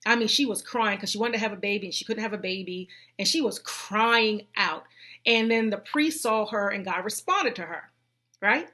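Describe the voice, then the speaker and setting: A woman hosting a live stream, reading viewers' comments aloud and talking about faith in a lively, preachy, slangy way, often repeating herself. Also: mid-range voice, moderate pace. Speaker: host of a live faith and life-coaching stream.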